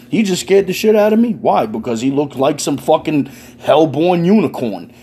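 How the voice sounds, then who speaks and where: Brief: young New man, profane ranting monologue, fairly high voice, mellow tone, faint hiss behind. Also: creaky. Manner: loud, swearing, ranting, animated. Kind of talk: profane stand-up style rant. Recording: faint background noise.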